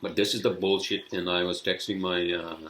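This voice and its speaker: A man's voice: sits low, flat delivery, brisk, fairly bright tone, reverberant. A man hosting a solo podcast, ranting angrily with heavy swearing and rambling restarts. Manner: angry, profane, rambling. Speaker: podcast host.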